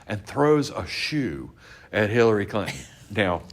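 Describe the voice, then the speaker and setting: Casting: man with a deep voice, relaxed anecdotal storyteller, podcast guest recounting event stories. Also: measured pace. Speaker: guest, convention organizer. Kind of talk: casual storytelling interview.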